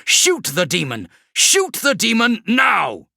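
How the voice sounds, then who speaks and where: A man voicing an arrogant male warlord who barks orders in a loud, strained voice. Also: fairly high pitch, huge pitch swings, slow pace, gravelly, husky, dry recording, studio quality, voice pushed up, exaggerated voice. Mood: shouting orders.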